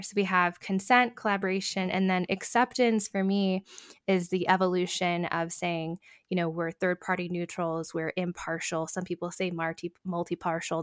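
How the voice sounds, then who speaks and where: A woman's voice: on the low side, dry recording, clean studio sound. A woman mediator talking as a podcast guest, earnest and emphatic, laughing now and then. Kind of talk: conversational interview.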